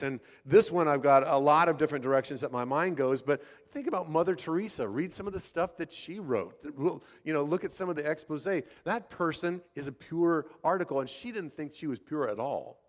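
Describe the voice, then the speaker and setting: An older male pastor delivers his sermon like a conversation, animated and prone to restarting his thoughts. His voice sits a little higher than most men's. The sound rings with long reverb from a large church hall. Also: brisk, few pauses. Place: church sanctuary.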